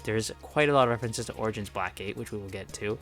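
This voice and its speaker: A man's voice: on the low side, quick pace, fairly bright tone, soft background music. A man giving casual, enthusiastic video game commentary, rambling with lots of fillers. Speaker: gaming video creator.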